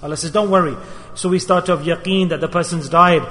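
A man delivers a storytelling sermon, addressing his listeners as brothers and voicing each character's words. His voice sits high and bright. A long reverb hangs on every phrase. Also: fast. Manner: lively storyteller addressing brothers, acting out quotes. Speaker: preacher. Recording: reverberant hall.

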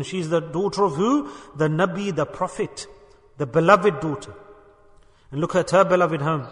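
High bright preacher in an echoing hall. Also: male voice. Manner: emphatic, swings from loud exhortation to hushed asides. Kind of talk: sermon.

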